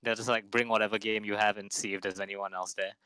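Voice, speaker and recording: A man's voice: lowish voice, fast talker, clear, resonant tone, dry recording, poor audio. A young man with a Malaysian English accent, chatting casually on a podcast and acting out the people in his stories. He sounds a little run down and coughs now and then. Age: young adult. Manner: animated storyteller, acts out other people's lines. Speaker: podcast co-host. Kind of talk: casual chat.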